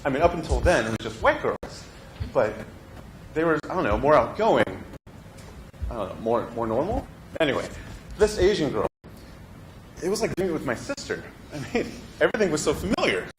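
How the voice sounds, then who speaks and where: Man as frustrated young actor, animated delivery, roomy echo. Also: fairly high pitch, moderate pace, long pauses. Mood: earnest. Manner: confiding, swings from earnest to exasperated. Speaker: stage actor performing a monologue. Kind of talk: theatrical monologue. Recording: echoey room with background noise.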